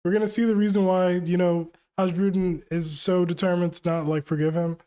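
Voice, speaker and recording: A man's voice: high-pitched, flat delivery, brisk, dark tone, clean tone. A young man hosting a live manga reaction, reading lines aloud and reacting in hyped, slangy bursts. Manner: hyped, slangy, reads quotes then reacts.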